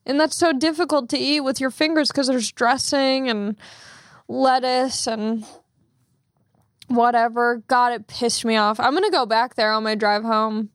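Young woman podcaster, quick chatty storyteller, fairly high voice, dry mic. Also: no room sound. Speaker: podcast host. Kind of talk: casual chat.

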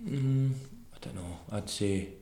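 A man's voice: fairly low pitch, measured pace, mellow, roomy sound. A man with a Scottish accent, a former footballer telling laughing, sweary stories in a casual football chat.

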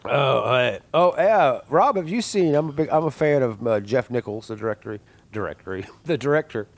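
A man chatting casually on a podcast, rambling from one thought to the next and laughing as he goes. His mid-range voice rises and falls in lively swings. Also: medium pitch, moderate pace, gravelly. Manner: rambling, laughing often, with restarts. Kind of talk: casual chat about movies.

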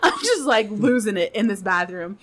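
A woman's voice: mid-range voice, big pitch swings, moderate pace, fairly bright tone. A woman guest on a podcast telling a funny personal story in casual, profane chat, laughing often.

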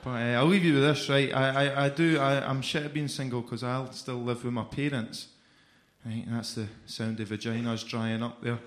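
A man's voice: mid-range voice, fairly even intonation, normal speed. A young Scottish man doing a stand-up comedy set, swearing, mocking himself, and chatting with the crowd. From Scotland. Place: comedy club stage. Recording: echoey club with audience noise.

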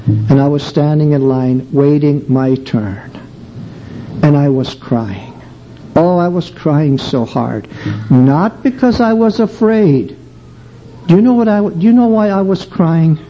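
An older man giving an earnest, emotional sermon testimony, telling a story slowly. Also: on the high side, mellow. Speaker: preacher. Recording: dull lo-fi recording with faint background noise.

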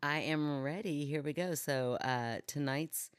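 A woman's voice: sits low, unhurried, clear, resonant tone, no room sound, clean studio sound. A woman co-hosting a podcast, telling stories in a casual chat and acting out the quotes with animation. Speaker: podcast co-host.

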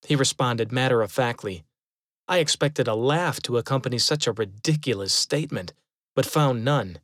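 A man telling a first-person eerie story in a measured, steady way, slowing down at tense moments. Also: mid-range voice, no echo, studio quality.

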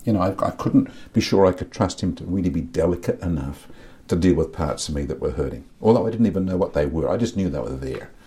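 Man, very deep voice, dark mellow tone, earnest, confessional, middle-aged. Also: animated, fast. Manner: earnest, confessional, repeats words when searching. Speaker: podcast guest. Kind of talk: candid faith talk.

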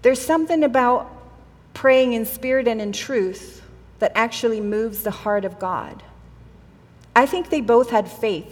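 A woman with a high voice preaches a sermon in a church hall, talking it through in a casual, conversational way. She acts out the quoted people in the story, and her voice rings with the long reverb of a large room. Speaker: pastor.

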